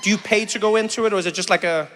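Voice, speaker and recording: A man's voice: high-pitched, racing, fairly bright tone. A man doing stand-up, playfully teasing an audience member. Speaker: stand-up comedian. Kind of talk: stand-up crowd work. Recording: live venue with audience noise.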